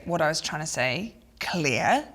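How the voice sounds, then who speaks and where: A woman's voice: unhurried, breathy edge. A woman, acting out an evasive, flustered minister in a comedy sketch. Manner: evasive, flustered, lively swings in pitch. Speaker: comedian playing a government minister.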